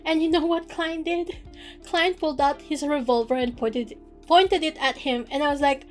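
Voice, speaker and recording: A woman casually recapping chapters of a novel in a playful, slangy way, quoting the characters in quick asides. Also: high-pitched, soft background music. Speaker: book reader and recapper.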